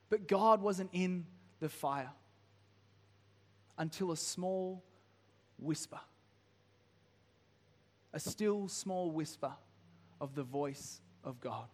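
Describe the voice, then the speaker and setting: A man delivers a sermon in a high, light voice, the sound trailing off into the long echo of a church hall. He reads scripture slowly and softly, then rises into impassioned, questioning appeals. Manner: builds from hushed to impassioned pleading. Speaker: pastor.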